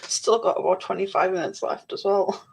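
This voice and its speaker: A woman's voice: mid-range voice, fairly even intonation, moderate pace, gravelly, breathy edge, low-quality recording. A woman co-hosting a live stream in casual chat, reading viewer comments aloud with dry, jokey swearing.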